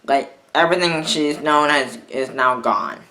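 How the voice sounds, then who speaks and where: A young man speaks to his camera in a slow, unhurried way, telling a personal story. His voice is bright and somewhat tense. He rambles and keeps breaking off to restart his sentences. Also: on the high side. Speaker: vlogger.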